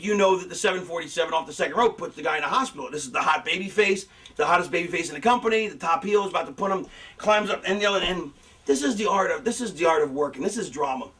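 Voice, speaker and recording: Middle-aged man, high voice, profane animated storyteller, recorded a bit off-mic. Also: recorded from a distance. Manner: profane, animated, acts out quotes. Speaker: veteran wrestler explaining booking. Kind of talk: casual storytelling.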